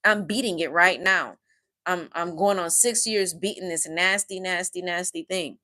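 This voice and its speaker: A woman's voice: on the low side, normal speed, bright, forceful tone. A woman from the Midwest of the United States hosting a casual livestream, talking earnestly and emotionally while reading out viewer comments. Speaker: livestream host.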